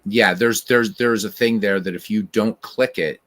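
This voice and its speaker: A man hosts a podcast in loose, casual conversation. He rambles and wanders off on tangents. His voice sits fairly low for a man. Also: fairly even intonation, normal speed, a bit bright. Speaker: podcast host. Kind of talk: casual chat.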